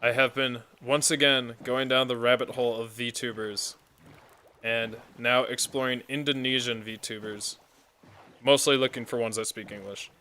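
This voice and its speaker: Relaxed rambling male gamer. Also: mid-range voice, measured pace, slight background noise. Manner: rambling and relaxed, with many fillers and side stories. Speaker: streamer playing a block-building game. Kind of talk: casual gameplay chat.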